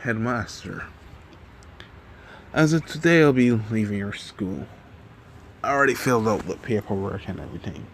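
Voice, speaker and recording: A man's voice: on the low side, expressive, moderate pace, pauses often, natural voice. Man doing a cold, menacing teen hero. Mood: calm. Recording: audible background noise.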